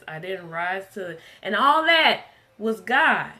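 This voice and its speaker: A woman's voice: on the low side, a little slow, pushed and bright. A woman preaching a livestreamed testimony sermon, earnest and emphatic, driving her points home by repeating them.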